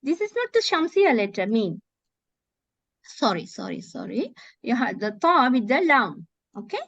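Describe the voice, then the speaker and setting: A woman teaching Quran recitation in an online lesson, demonstrating words slowly and often correcting herself. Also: sits high, no echo. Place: online video call. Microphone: computer mic on a video call. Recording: dull, dry video call audio.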